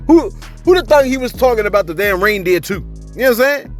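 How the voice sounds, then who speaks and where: A man doing casual, comedic celebrity gossip commentary, rambling and animated, with faint music behind. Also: extremely high pitch, fairly quick. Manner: animated, rambling, keeps saying "you know what I'm saying".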